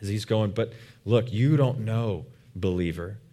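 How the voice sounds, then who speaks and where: A man's voice: fairly low pitch, a little slow, warm tone. A man preaching a sermon as a pastor, earnest and emphatic, with frequent fillers and restarts.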